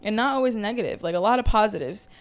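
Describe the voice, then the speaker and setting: A woman's voice: mid-range voice, lively intonation, quick pace. A young woman hosting her own podcast, chatting candidly and rambling with lots of fillers and casual swearing. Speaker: podcast host. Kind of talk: casual solo podcast chat. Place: at home, talking to camera.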